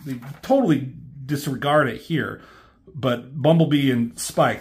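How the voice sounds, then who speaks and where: A man casually retelling a comic's story as a reviewer, chatty and animated. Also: medium pitch, a little slow. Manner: animated, chatty, many fillers.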